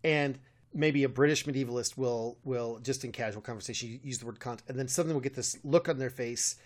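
A man's voice: medium pitch, a little fast. An American man co-hosting a podcast, explaining at length with many fillers and restarts, chuckling often, recorded on a studio mic. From United States. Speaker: podcast co-host, medievalist. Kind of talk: casual podcast chat.

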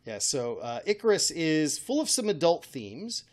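A man's voice: a little high, very animated, a little slow. Rambling, wry man chatting. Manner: rambling, self-correcting, wry. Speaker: podcast host. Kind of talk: casual chat.

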